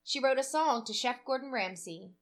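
A woman's voice: high voice, lively intonation, moderate pace. A woman co-hosting a podcast in casual chat, opinionated and swearing freely. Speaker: podcast co-host.

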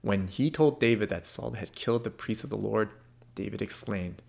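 A man preaching a sermon in an emphatic, expressive way, swinging between loud and soft. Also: on the low side, normal speed, gravelly. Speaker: pastor.

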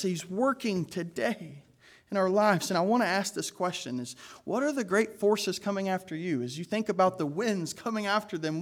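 A male pastor delivers an earnest sermon with a voice that sits a bit higher than most men's. He stresses key words emphatically and drops into casual asides to the church.

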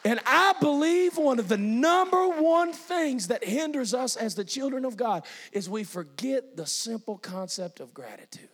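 A man preaching a sermon as pastor, moving from hushed storytelling to shouted praise. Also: extremely high pitch, expressive, measured pace, few pauses, husky, a faint crowd.

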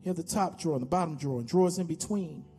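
A man's voice: a little high, racing, warm tone, faint music behind. An American man in his fifties, a pastor preaching an impassioned sermon with an altar call in a church, repeating his appeals. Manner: impassioned, repetitive exhortation. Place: church sanctuary.

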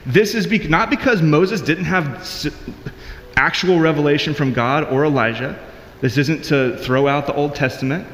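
A man's voice: on the high side, moderate pace, a bit bright, reverberant, in a large hall, a little hiss or hum. A married man giving a conversational, earnest sermon as a pastor, with frequent restarts.

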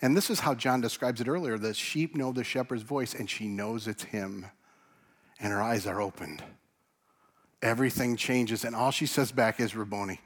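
Animated man preaching a sermon. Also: mid-range voice, normal speed. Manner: animated preaching, swings from loud to hushed. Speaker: pastor. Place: church.

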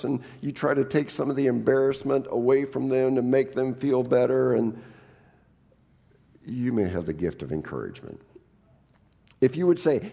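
Gravelly-voiced pastor preaching a sermon. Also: male voice, mid-range voice, expressive, normal speed, pauses often, mellow, long reverb tail. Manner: humorous, acts out quoted people in raised voices. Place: church.

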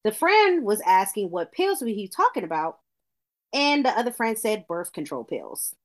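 A woman's voice: medium pitch, sing-song, moderate pace. A woman co-hosting a casual podcast, reading a listener's letter aloud with small stumbles.

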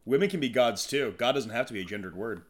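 A man's voice: mid-range voice, quick pace. A man co-hosting a podcast, rambling and swearing in casual banter. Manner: rambling, swears a lot, lively. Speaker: podcast co-host.

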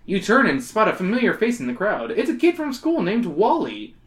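A woman's voice: medium pitch, huge pitch swings, fairly quick. A woman hosting a podcast, reading a kids' horror book aloud and breaking off for jokes. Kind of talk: comedic read-aloud. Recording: echoey room.

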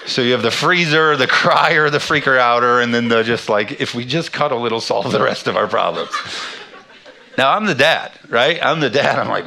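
A man's voice: mid-range voice, moderate pace, gravelly, pushed and bright. A man in his thirties, a pastor preaching a sermon, telling a funny family story with self-deprecating humor. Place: church sanctuary.

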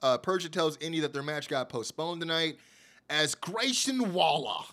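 Guy with a fairly high voice running thru a wrestling recap, loose and chatty, lots of uh and you know. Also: animated, moderate pace, a bit bright. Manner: chatty, full of fillers, laughs at his own jokes. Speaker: podcast host. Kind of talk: casual wrestling show recap.

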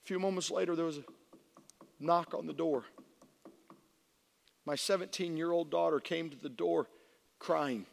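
A middle-aged man preaching as a youth pastor, telling a personal story that swings from hushed to shouting. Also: a little high, normal speed, vocal fry, long pauses. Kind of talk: sermon. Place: large church hall. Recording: long hall reverb.

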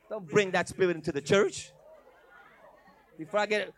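A man preaching a lively sermon, acting out voices, breaking into shouts and laughing often. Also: high voice, normal speed, long pauses. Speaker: pastor.

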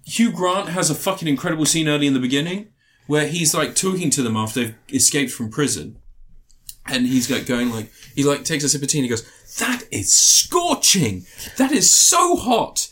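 A man co-hosting a podcast, retelling film scenes in a rambling, animated way with playful put-on voices. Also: medium pitch, fast. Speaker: podcast co-host. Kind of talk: casual film review chat.

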